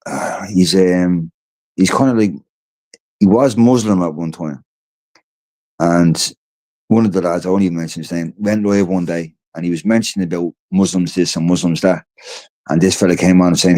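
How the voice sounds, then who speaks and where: A man's voice: sits low, fairly even intonation, brisk, dark tone. A tired Irish man chatting casually on a livestream, rambling and swearing freely. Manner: rambling and profane. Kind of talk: casual chat.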